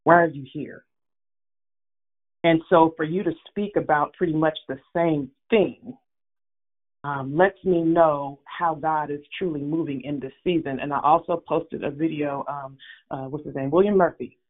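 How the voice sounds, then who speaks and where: A woman's voice: low-pitched, measured pace. A woman calling in to a prayer line, giving an earnest, upbeat testimony. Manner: earnest, upbeat, talks with many fillers. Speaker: caller sharing a testimony. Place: phone call. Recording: phone line.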